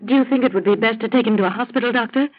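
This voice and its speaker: A woman's voice: a little high, very fast, lightly acted. A woman playing a devoted, anxious wife in a 1940s radio drama, soothing and pleading. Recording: dull lo-fi old radio recording with faint hiss.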